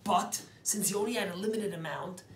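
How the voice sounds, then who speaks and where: A man, a rabbi, telling a story as a sermon, dropping to hushed whispers and rising to loud, emphatic bursts. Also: high-pitched, fairly quick, roomy sound.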